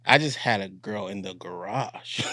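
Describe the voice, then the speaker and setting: A man co-hosting a podcast, laid-back in casual chat and quick to laugh. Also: lowish voice, sharp tone, no echo, studio quality. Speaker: podcast co-host.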